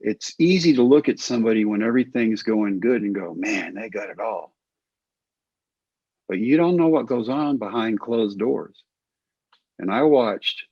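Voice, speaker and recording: Middle-aged male storyteller, husky voice, dull dry podcast sound. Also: lowish voice, no room sound. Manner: animated storyteller acting out quotes. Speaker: guest, former pitcher and coach. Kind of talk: storytelling interview.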